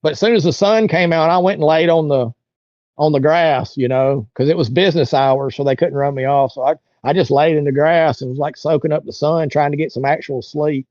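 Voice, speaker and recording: A man's voice: fairly high pitch, a little fast, darkish tone, dry recording. Guy rambling through a story in an interview, doing everyone's lines, dry muffled audio. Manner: rambling, acts out other people's lines in raised voices. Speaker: interview guest. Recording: dull, lo-fi, dry sound.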